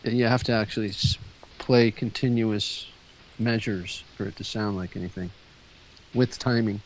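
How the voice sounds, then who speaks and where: A man's voice: on the low side, fairly even intonation, normal speed, a little hiss or hum, poor audio. A man in casual chat, telling loose stories, swearing offhandedly and trailing off.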